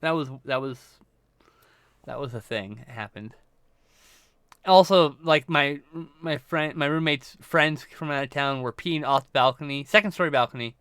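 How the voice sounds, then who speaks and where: A man's voice: mid-range voice, normal speed, fairly bright tone, clean tone, dry recording, studio quality. A man hosting a livestream, telling a rambling, profane anecdote in casual chat, full of restarts and swearing. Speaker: livestream host.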